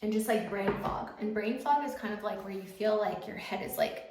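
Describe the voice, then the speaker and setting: A woman's voice: mid-range voice, brisk, darkish tone. A woman in her thirties talking casually while getting ready, with a chatty way of speaking full of fillers. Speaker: YouTuber. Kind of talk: casual get-ready-with-me chat. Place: home. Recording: roomy echo, faint background noise.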